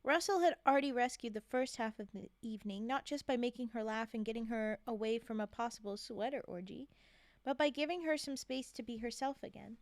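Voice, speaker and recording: A woman streamer reads holiday short stories aloud, giggling and chatting and breaking off to react to her viewers. Her voice is fairly high and fairly quick, with no echo.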